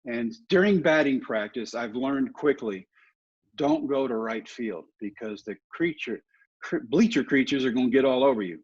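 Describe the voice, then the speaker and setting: A middle-aged man tells his stories with real animation, acting out the voices of the people in them. His voice has a husky grain to it. The recording is a little dull and lo-fi. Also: mid-range voice, normal speed. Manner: animated anecdotes, acting out other people's lines. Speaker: guest, former ballplayer and motivational speaker. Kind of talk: casual storytelling in a podcast interview.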